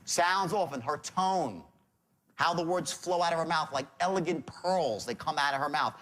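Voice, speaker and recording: A man's voice: on the high side, moderate pace, a bit bright, slight background noise. A man teaching sales in a seminar lecture, emphatic, quizzing the audience and answering himself. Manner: emphatic, asks the audience questions and answers them. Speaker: sales trainer.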